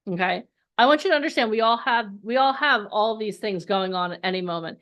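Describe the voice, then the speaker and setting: A woman coaching an online workshop in a motivational talk, acting out little inner voices with big leaps in her voice. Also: a little fast. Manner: energetic, acts out inner voices with big pitch jumps. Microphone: online call.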